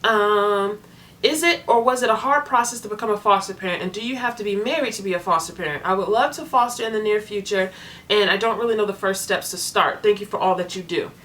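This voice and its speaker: A young woman talking casually to her viewers as a foster parent vlogger, chatty and animated, acting out the people in her stories. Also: medium pitch, fast, a little hiss or hum. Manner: chatty, animated storytelling with voiced quotes. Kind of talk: casual vlog chat to viewers.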